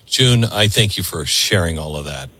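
Deep-voiced earnest male radio host. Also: expressive, sharp tone, breathy edge. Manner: earnest, halting, repeats words. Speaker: radio talk show host. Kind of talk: call-in radio talk.

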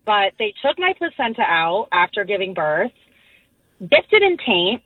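Female phone caller, dry tinny line, lively voice, matter-of-fact. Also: medium pitch, measured pace, no echo.

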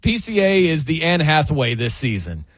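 Animated, husky male sports host. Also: fairly high pitch, moderate pace, dry recording. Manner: emphatic, incredulous ranting; laughs between points. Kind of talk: opinionated sports commentary.

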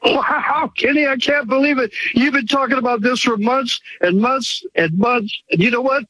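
A man's voice: very high voice, moderate pace, bright, forceful tone, dry recording, rough recording. A man calling in to a talk show, emotional, grateful and rambling. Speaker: caller. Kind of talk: call-in chat.

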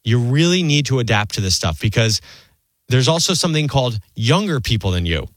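Animated man hosting talk radio. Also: medium pitch, brisk, no echo. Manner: animated, conversational, rhetorical questions. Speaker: radio show host.

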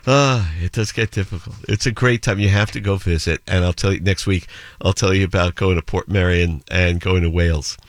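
A man with a fairly low voice hosts a morning radio show, chatting through listener notes and stories in an easy, rambling way. He likes to drop into quick playful accent imitations mid-story. The studio sound is close and dry. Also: fairly even intonation, no room sound. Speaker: radio host. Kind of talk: casual radio chat and storytelling.

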